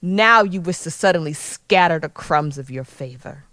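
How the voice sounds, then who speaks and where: A woman's voice: low voice, expressive, moderate pace, a bit bright, slight background noise, pitched below the performer's own voice. A woman putting on a bitter, proud young male sailor of humble birth, reading his grave, resentful speech.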